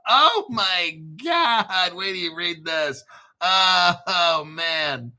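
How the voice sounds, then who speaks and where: Hyped, profane man with bright voice. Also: high-pitched, lively intonation, very slow. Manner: profane, hyped, keeps clearing throat. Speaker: crypto show host. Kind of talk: excitable solo commentary stream.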